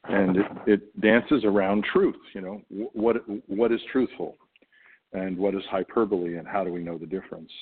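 Middle-aged american guy, very low raspy voice, halting and thoughtful, lots of uhs. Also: steady tone. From United States. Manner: thoughtful, halting, many fillers and restarts. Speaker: actor guest. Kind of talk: casual interview talk. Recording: tinny phone-like line.

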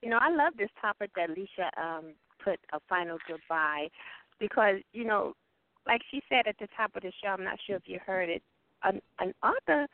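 A woman's voice: medium pitch, expressive, brisk. A woman co-hosting a talk show, encouraging her guest with many affirming murmurs. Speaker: co-host. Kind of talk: casual chat. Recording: phone line.

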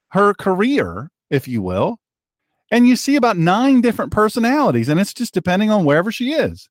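Male political talk host, sarcastic and heated, animated pitch, dry close sound. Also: no room sound. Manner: heated, sarcastic, repeats himself. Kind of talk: political commentary monologue.

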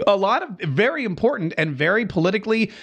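A man's voice: sits high, very animated, fast talker, fairly bright tone. A man hosting an opinionated political show, talking in a sarcastic, mocking way with many asides. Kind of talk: opinionated commentary.

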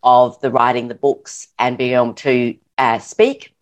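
A middle-aged woman with an Australian accent talks through her work as a podcast guest. Her voice sits very low for a woman. She sounds earnest and thoughtful, and she pauses to find her words. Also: little pitch movement. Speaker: surgeon and author, podcast guest. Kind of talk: casual interview answers.

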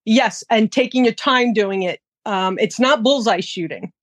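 A woman's voice: a little high, measured pace, no echo. A woman guest talking casually about teaching firearms classes, chatty, with frequent fillers. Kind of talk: casual interview.

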